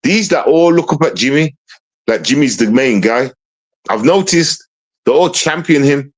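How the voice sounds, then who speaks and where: Male streamer, mid-pitched, casual, combative, repetitive. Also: animated, measured pace, rough recording. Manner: confrontational, repetitive, slangy, restarts often. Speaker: livestream host. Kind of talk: casual livestream rant.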